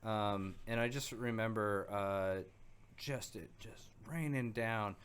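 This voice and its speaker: A man's voice: fairly low pitch, slow pace, smooth. A man co-hosting a casual podcast, rambling through stories with many fillers and restarts. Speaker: podcast co-host. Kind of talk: casual chat.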